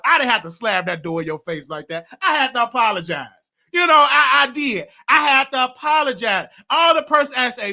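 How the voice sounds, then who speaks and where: A man's voice: extremely high pitch, big pitch swings, a little fast, sharp tone. A man hosting his own livestream, venting in a casual monologue that is emphatic and repetitive, with a preacher-like way of talking. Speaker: show host.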